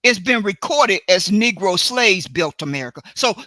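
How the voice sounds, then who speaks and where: A woman hosting a solo live stream, talking in a deliberate, emphatic way and often stopping to correct and repeat herself. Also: medium pitch, expressive, pushed and bright, dry recording. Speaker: livestream host. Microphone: computer mic for a live stream.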